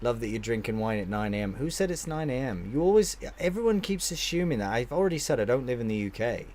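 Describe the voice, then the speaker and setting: A man's voice: medium pitch, big pitch swings, quick pace, darkish tone, a little hiss or hum. A man live-streaming a game, chatting casually with his viewers and answering their comments aloud, often restarting his sentences.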